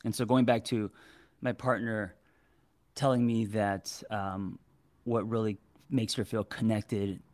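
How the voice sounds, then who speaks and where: A man in his forties giving relationship advice in a casual monologue to camera, halting and tripping over his words with many fillers. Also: fairly low pitch, level tone, darkish tone. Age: 40s.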